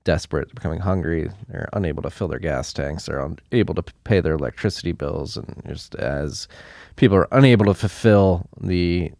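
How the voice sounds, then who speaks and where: Host: low, gravelly man, relaxed casual delivery. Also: a little fast, dry recording. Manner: casual, laid-back, uses fillers like dude. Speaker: podcast host. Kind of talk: casual chat.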